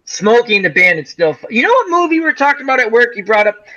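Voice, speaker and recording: A man's voice: extremely high pitch, fast talker, dull audio. A man co-hosting a casual chat show, rambling through stories about movies. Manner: rambling, animated storyteller. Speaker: co-host.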